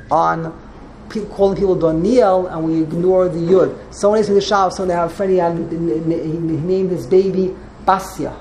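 Woman teacher, lowish voice, restarts words while lecturing, echoey classroom sound. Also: warm tone, a little hiss or hum. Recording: roomy echo.

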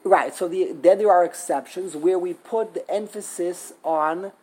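A woman with a husky, slightly breathy voice, fairly low and a little mellow, teaches a class on Hebrew grammar. She speaks emphatically, repeats herself, and sounds out words slowly syllable by syllable. The recording is rough.

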